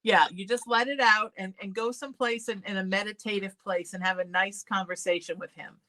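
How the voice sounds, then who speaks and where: A woman's voice: mid-range voice, fairly even intonation, brisk. A woman hosting a psychic call-in show, soothing callers and calling them sweetie. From Irish heritage. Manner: warm, soothing, calls people sweetie. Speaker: psychic medium show host. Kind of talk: call-in spiritual talk show.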